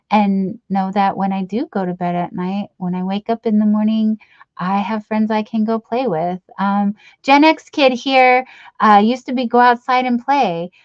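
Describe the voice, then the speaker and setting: Her voice is mid-range with a darkish tone, captured in lo-fi sound without echo. She's a middle-aged livestream host working late at night, reading comments aloud and chatting with lots of fillers, giggly, rambling and affectionate.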